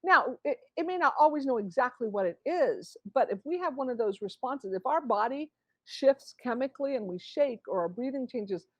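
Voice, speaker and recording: A woman's voice: high voice, moderate pace, no room sound, muffled recording. A woman author as a guest in a conversational interview, acting out inner voices as she explains. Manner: animated, acts out inner voices.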